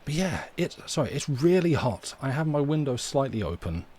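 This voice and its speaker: A man from the UK, hosting a livestream from home in a soft, rambling, chatty way and reading poetry aloud. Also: mid-range voice, sing-song, normal speed, slight background noise. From United Kingdom. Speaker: livestream host. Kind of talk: casual livestream chat and poem reading. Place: home room.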